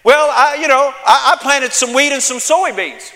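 A man voicing a bewildered male farmer who complains loudly about his harvest. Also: very high-pitched, normal speed, big-room sound, pitched above the performer's own voice, full character voice. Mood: indignant. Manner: exasperated, complaining.

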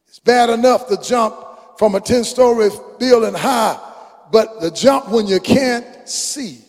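An older man preaching a fervent sermon in a church, rising into shouts and song-like chanting. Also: extremely high pitch, measured pace, vocal fry, soft background music. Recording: long reverb of a large hall.

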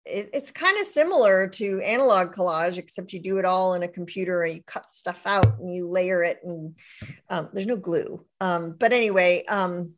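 A woman's voice: on the low side, normal speed. Reflective middle-aged woman telling her story. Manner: warm, reflective, with frequent restarts and soft laughs. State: widowed. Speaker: author and guest. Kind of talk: casual interview talk.

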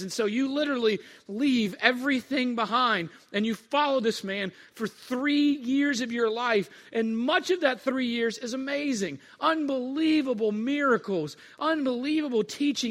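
A man's voice: very high voice, fairly bright tone, long reverb tail. A male pastor giving a sermon, telling a story in a casual, conversational way and talking straight to the listeners.

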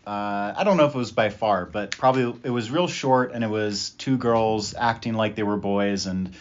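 A young man co-hosting a casual studio chat, relaxed and easygoing with filler words. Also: on the low side, moderate pace. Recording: dull lo-fi studio recording.

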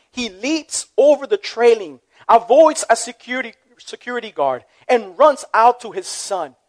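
A man preaching a sermon as a pastor, telling a story in an earnest, emphatic way. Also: very high voice.

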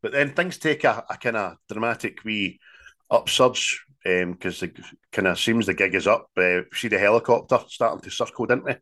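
A man's voice: lowish voice, normal speed. A Scottish man co-hosting a casual film review chat, telling the plot with swearing and laughter. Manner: sweary, laughing, animated retelling. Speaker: podcast co-host.

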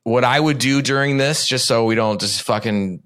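A man's voice: medium pitch, normal speed, a bit bright. A man hosting a podcast in casual chat, playful, swearing freely and laughing often. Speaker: podcast host.

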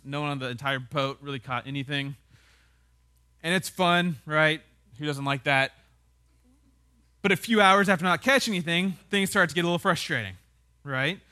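Bright-voiced male pastor preaching casually. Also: on the high side. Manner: casual and wry, with frequent "right?" tag questions. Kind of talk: conversational sermon.

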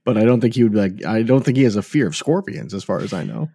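A man's voice: lowish voice, sing-song, fast talker, warm tone, slightly rough. A man co-hosting a podcast, adding wry, sardonic comments in a casual cartoon recap. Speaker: podcast co-host.

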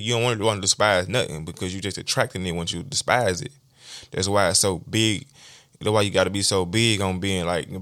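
A young man rattles through a casual motivational monologue at a quick clip. His voice sits low, and he keeps tossing in slang and "you feel me". The sound is dry, with no room echo. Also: fairly bright tone. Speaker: podcast host.

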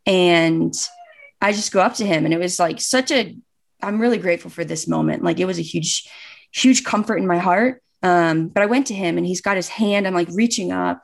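A woman's voice: fairly low pitch, moderate pace, gravelly. A woman in her thirties, a guest, earnestly telling a personal story in casual conversation and acting out remembered dialogue.

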